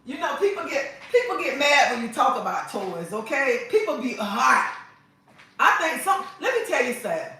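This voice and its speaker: A woman's voice: sits high, sing-song, normal speed, background noise. Sassy woman livestreaming from an echoey room. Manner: sassy, preachy, calls viewers honey. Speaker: livestream host. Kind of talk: casual livestream chat. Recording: echoey room, mic at a distance.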